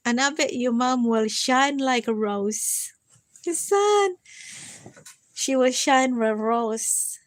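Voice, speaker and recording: A tired woman chatting on a casual live stream, gently coaxing and self-mocking, often repeating her listener's name. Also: high-pitched, takes it slowly, dry recording. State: tired from lack of sleep. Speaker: livestreamer.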